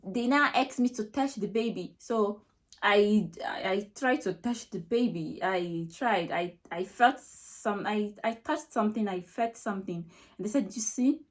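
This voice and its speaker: A woman's voice: mid-range voice, measured pace. A young Nigerian woman with a Nigerian accent, emotionally retelling a personal story to camera in a repetitive, filler-heavy way. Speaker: vlogger.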